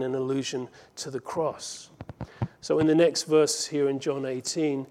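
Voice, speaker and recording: A man with a fairly high voice teaches scripture verse by verse. He is earnest and slows down on the phrases he wants to stress. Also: darkish tone. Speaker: pastor.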